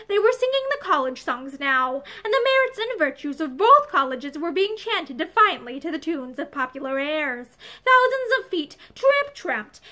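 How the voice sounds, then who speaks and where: A woman reads an old-fashioned novel aloud, her high voice rising and falling with animated storytelling. She keeps a steady narrator's flow through each passage. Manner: expressive, lively storytelling. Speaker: reader.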